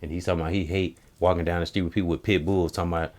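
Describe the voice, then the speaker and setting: A man hosting a casual chat, retelling comedians' jokes and breaking into high put-on voices for the punchlines. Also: flat delivery, rapid-fire, a little mellow. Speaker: host.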